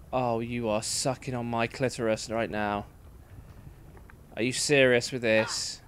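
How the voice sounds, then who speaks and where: A man's voice: on the low side, steady tone, a little slow, slight background noise. A man livestreaming gameplay commentary, frustrated and swearing through exasperated outbursts. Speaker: let's play streamer.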